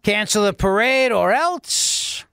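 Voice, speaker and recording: A man doing a mocking impression of a pompous, boastful male governor in a slow, self-satisfied drawl. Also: high-pitched, lively intonation, creaky, sharp tone, exaggerated voice. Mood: smug.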